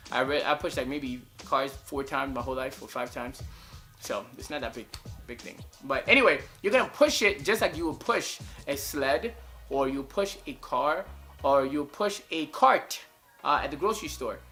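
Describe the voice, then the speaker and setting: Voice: medium pitch, fairly bright tone. A fitness vlogger giving casual coaching talk to the camera, earnest and instructive, repeating the key points.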